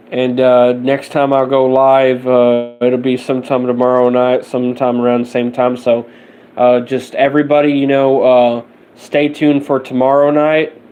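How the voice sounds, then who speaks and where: A man's voice: medium pitch, a little mellow, smooth, highs cut off. Tired, rambling man on a late-night stream. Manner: rambling, halting, loose and casual. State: tired and sleepy. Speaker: livestream host. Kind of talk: late-night livestream chat.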